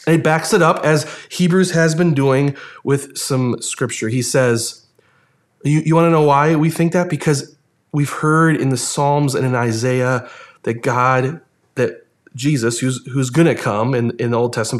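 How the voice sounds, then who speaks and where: A man preaching a sermon, earnest and expressive, with quick asides and soft dramatic drops. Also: medium pitch. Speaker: pastor.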